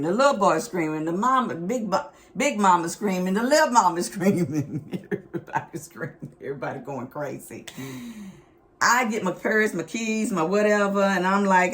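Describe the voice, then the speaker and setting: A middle-aged woman, telling a family story in a casual, animated, expressive vlog. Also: low voice. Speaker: vlog host.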